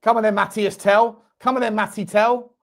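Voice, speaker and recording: A young man hosting a live football watchalong, reacting loudly, swearing and shouting at the game. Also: high voice, little pitch movement, moderate pace. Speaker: fan channel host. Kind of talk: live match watchalong commentary.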